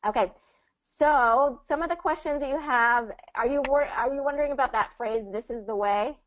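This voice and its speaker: A woman's voice: high voice, highs cut off. Female pronunciation coach on a video call, patient and encouraging. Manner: patient, encouraging, models phrases slowly. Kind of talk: one-on-one online pronunciation lesson.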